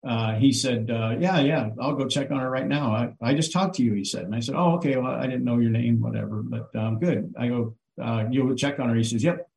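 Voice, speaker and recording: Man, mid pitch, earnest and halting storyteller, roomy echo. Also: creaky, darkish tone, a little hiss or hum. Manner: earnest, halting, many fillers and restarts. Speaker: guest on a livestream. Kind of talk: emotional personal account.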